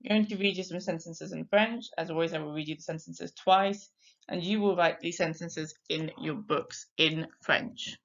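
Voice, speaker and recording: A woman French teacher giving a recorded lesson, reading sentences slowly and twice for dictation and explaining silent letters. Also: lowish voice, creaky, highs cut off. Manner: slow, carefully spaced dictation in French.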